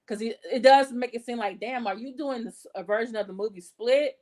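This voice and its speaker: On the high side and a little fast, her voice has a slightly mellow quality. This commentary channel host dishes gossip casually, bluntly and profanely, gesturing through her words and chatting on with fillers and self-corrections.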